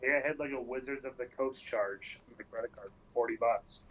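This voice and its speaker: A man's voice: medium pitch, fairly quick, a bit bright, rough recording. Offhand, joking male player. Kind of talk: casual chat.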